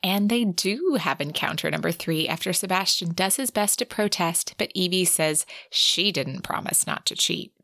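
A woman with a low, vocal-fry voice co-hosts a book podcast and walks through a novel's plot in a relaxed way. She reads quoted passages aloud as she goes. The sound is close and dry, with no room around her. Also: normal speed, hardly any pauses, no room sound. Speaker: podcast co-host. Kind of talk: casual book-summary podcast.

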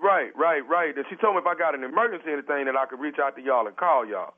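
A man's voice: on the high side, rapid-fire, lightly acted. A man playing a sheepish house sitter stuck without toilet paper in a prank call, stammering and hesitant. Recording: tinny phone line.

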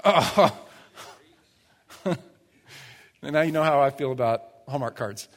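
In a church sanctuary, a pastor preaches a conversational sermon with rhetorical asides, acting out little quoted voices for humor. His mid-range voice is expressive and slow-paced, trailed by a long reverb tail.

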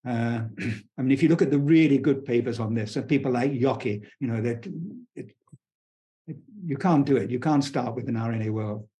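A man speaking as a guest scientist in an interview, talking fast and enthusiastically, blunt and digressive, with frequent restarts. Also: mid-range voice, mellow, dull audio. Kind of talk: conversational interview explanation.

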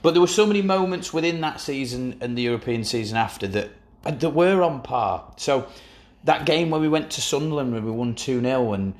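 A man's voice: mid-range voice, expressive, a little fast, hardly any pauses. A man hosting a casual football chat, with dry, teasing banter.

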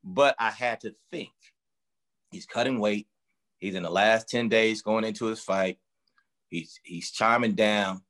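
A man with a lowish, slightly bright voice talks steadily and a little slowly. He's a strength and conditioning coach for boxers, casually interviewed and explaining his job through vivid, emphatic analogies.

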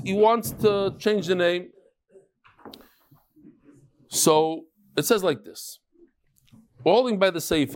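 A man teaching a daily Talmud class, telling stories and acting out voices in a lively, informal way. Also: a little high. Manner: animated storytelling, mixes Aramaic and Yiddish terms.

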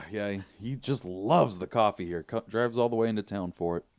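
A man voicing a gruff, guarded small-town sheriff in a tabletop game. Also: fairly low pitch, normal speed, a little mellow, dry recording, studio quality, natural voice. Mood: casual. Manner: guarded, defensive.

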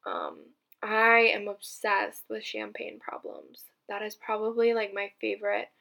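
A woman's voice: medium pitch, sing-song, measured pace, vocal fry, sharp tone. A young woman hosting her own podcast, chatting casually and gushing, with lots of fillers and restarts. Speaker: podcast host. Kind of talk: casual solo podcast chat.

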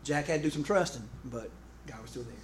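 A man preaching a sermon in an animated, conversational way, often restarting phrases and calling out to his congregation. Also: mid-range voice, quick pace. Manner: calls out to the congregation. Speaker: pastor. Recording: echoey room with faint background noise.

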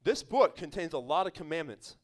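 Speaking briskly and expressively, a high-pitched pastor gives an evening-service sermon in an emphatic, conversational style. Sincere points alternate with laughing remarks aimed at the people before him.

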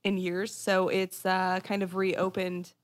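A relaxed woman joins a casual podcast chat as a guest. She speaks easily and a little hesitantly, with fillers. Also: fairly low pitch, takes it slowly, clean tone.

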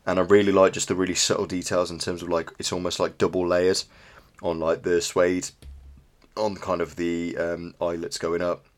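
A man's voice: low voice, flat delivery, normal speed. A man co-hosting a podcast, chatting enthusiastically and rambling about sneakers, swearing casually. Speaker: podcast co-host.

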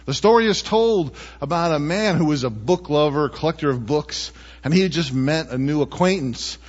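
A man preaching a sermon in a relaxed, conversational way, often tossing in rhetorical questions to the congregation. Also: fairly high pitch, normal speed, long reverb tail, lo-fi sound. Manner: chatty, asks rhetorical "right?" often. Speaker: pastor.

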